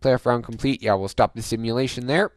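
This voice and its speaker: A man hosting a gaming channel, chatting casually as he plays a hockey game, thinking aloud with fillers and bursts of excitement. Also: mid-range voice, brisk, no echo, clean studio sound. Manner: chatty, cheers on his team, bursts of excitement. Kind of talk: casual let's-play commentary.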